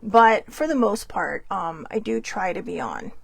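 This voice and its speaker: A woman's voice: mid-range voice, lively intonation, measured pace, creaky, breathy edge, no echo. A woman hosting her own livestream, telling a story in a rambling, chatty way and laughing often. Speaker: host.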